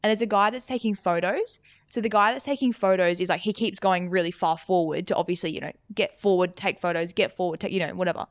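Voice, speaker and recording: Here a young podcast co-host tells a meandering, casual story, full of frequent swearing and a constant "like." Her voice is lowish and quick, and the recording is dry.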